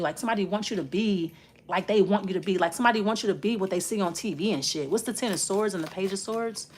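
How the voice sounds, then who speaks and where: A woman giving a casual spoken tarot reading, blunt and profane, rambling and restarting as she talks straight to the listener. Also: medium pitch. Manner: rambling, with many restarts while reading cards. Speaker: tarot reader.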